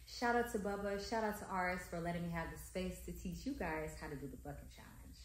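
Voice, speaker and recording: A woman's voice: on the low side, fast talker, recorded from a distance, a little hiss or hum. Upbeat woman coaching in an echoey studio. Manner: upbeat, coaching with frequent check-ins. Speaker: dance instructor. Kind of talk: dance tutorial. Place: large dance studio.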